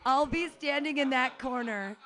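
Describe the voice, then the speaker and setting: A woman hosting a small comedy night in a bar, addressing the room in a rambling, quick way that keeps talking over herself. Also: sits high, bright, forceful tone. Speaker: show host. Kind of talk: casual address to a live audience.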